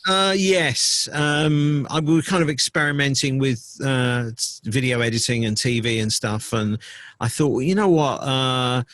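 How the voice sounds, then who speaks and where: A middle-aged man, a DJ and producer, recalling his career in a casual interview, relaxed and full of fillers. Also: mid-range voice, measured pace, no room sound. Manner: relaxed storytelling with many fillers.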